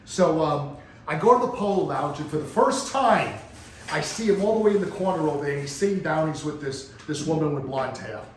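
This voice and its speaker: A man's voice: a little high, fairly quick, a little hiss or hum. A man hosting a storytelling vlog as a jeweler, telling an anecdote and acting out what people said. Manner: animated storyteller, acts out quotes. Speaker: jeweler and channel host. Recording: echoey room with faint ambience.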